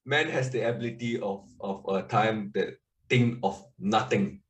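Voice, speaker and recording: A man's voice: on the low side, unhurried. Male podcast guest, loose and exclamatory, roomy sound. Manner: rambling, filler-heavy, exclaiming. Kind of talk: comedy podcast chat.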